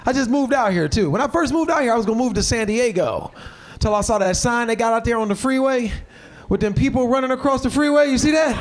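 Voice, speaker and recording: Male stand-up comic, very high-pitched and lively, audible room noise behind him. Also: vocal fry. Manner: animated, shouting punchlines, acting out quoted voices. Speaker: stand-up comedian. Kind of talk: stand-up routine. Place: comedy stage, indoors.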